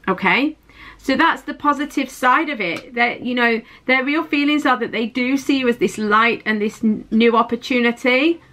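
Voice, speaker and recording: A woman's voice: a little high, bright, forceful tone. A woman giving a chatty, intuitive tarot reading to her viewers, often repeating and restarting her phrases. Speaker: tarot reader.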